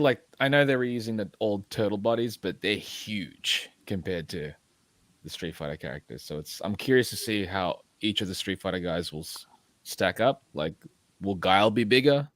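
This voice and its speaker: A man's voice: low-pitched, a bit bright, no echo. A man co-hosting a podcast in casual chat, hesitant and musing, with plenty of fillers. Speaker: podcast co-host.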